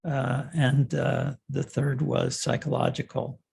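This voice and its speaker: An older man, a former cycling coach, telling stories in an interview in a measured way with many pauses and fillers. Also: medium pitch, flat delivery, creaky, a little mellow, slight background noise. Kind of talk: reminiscing interview answers.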